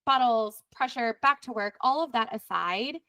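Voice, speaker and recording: A woman hosts a podcast in a casual, earnest conversation, often repeating a phrase to drive it home. Her voice is bright and forward, recorded close and dry. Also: on the high side, normal speed, dry recording. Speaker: podcast host, lactation consultant.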